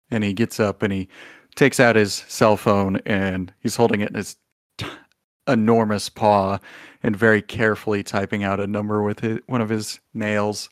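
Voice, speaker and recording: A man's voice: lowish voice, flat delivery, moderate pace, dry recording. Dry-voiced man running a tabletop game. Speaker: game master.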